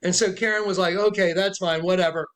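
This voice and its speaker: A self-styled prophet, a man with a high, slightly bright voice, tells a rambling personal testimony to camera about a dispute, speaking fairly quickly with a steady tone. He's emphatic and repeats himself, acting out what others said in a raised voice.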